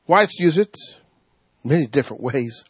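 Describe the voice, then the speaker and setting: A man leading a Bible study, preaching informally in an animated way, laughing and acting out quotes. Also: a little high, normal speed, breathy edge, no room sound. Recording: dull, muffled sound.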